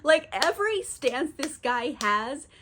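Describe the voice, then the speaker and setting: A woman's voice: high-pitched, big pitch swings, slow, a bit bright, slight background noise. A woman recapping a classic novel for her book vlog in a chatty, filler-heavy, swearing manner. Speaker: book vlogger.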